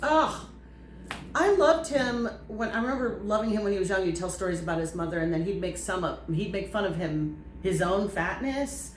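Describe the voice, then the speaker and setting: A woman co-hosting a casual talk show, animated and emphatic, quick to laugh. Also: medium pitch, echoey room, slight background noise. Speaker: co-host. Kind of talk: casual chat. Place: studio.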